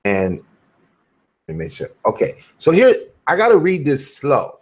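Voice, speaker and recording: A man hosting a casual talk, slowly explaining his view and reading scripture aloud with deliberate emphasis. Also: fairly high pitch, wildly swooping pitch, breathy edge. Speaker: host. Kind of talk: casual religious discussion.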